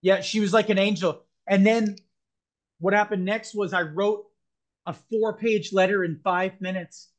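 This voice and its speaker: A man's voice: sits high, steady tone, measured pace. A man as a podcast guest, earnestly telling a personal story, rambling with frequent restarts.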